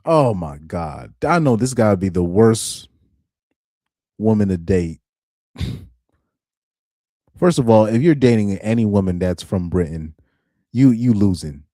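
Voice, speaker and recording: A man's voice: lowish voice, lively intonation, unhurried, long pauses, mellow, no echo, studio quality. A young man on a live stream reacting to articles, laughing often, repeating himself and restarting his sentences in casual chat.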